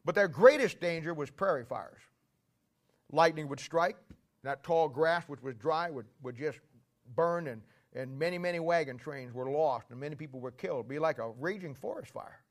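A man preaching in a homespun, storytelling manner, with a voice pitched a little high. He repeats phrases and clears his throat often, climbing to loud peaks and then dropping low and quiet. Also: normal speed. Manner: builds to loud shouting climaxes, then drops quiet. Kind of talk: folksy sermon storytelling.

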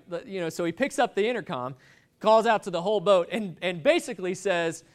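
A man's voice: sits high, animated, quick pace. A man preaching a sermon, telling stories in a rambling, joking way with many restarts.

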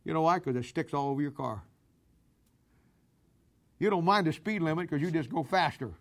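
A man preaching a folksy sermon, telling road-sign jokes and personal stories with animated swings between loud and hushed delivery. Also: on the high side, normal speed. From Missouri, USA. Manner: animated storytelling, swings from loud to quiet, laughs at own jokes. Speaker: pastor.

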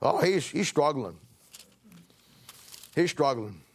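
A man's voice: a little high, sing-song, slow, slightly rough. A man preaching a sermon, animatedly acting out a biblical figure's complaints. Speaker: pastor.

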